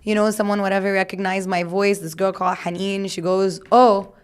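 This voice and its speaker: A woman from Egypt, a journalist guest on a podcast, talking in a passionate, rapid way with many restarts and repeated words. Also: mid-range voice, little pitch movement, clear, resonant tone. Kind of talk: casual podcast conversation.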